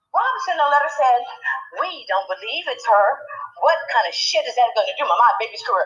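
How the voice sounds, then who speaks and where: A woman airs a grievance on behalf of her daughter, upset and near tears, swearing and breaking into shouts. Her voice sits high and leaps all over. The sound is thin and phone-like. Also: very animated, brisk. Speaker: mother of an employee. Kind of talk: angry personal complaint.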